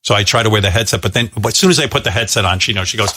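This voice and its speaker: Rambling, bright-voiced radio host. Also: male voice, lowish voice, rapid-fire, slight background noise. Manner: rambling, self-deprecating, with many restarts. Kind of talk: casual talk-show storytelling.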